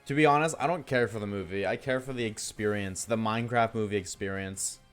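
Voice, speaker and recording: Brief: male streamer, worn out and yawning, rambly jokey chat with viewers, soft game music under. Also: lowish voice, brisk, clear, resonant tone. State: tired, yawning. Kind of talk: casual live-stream chat while gaming.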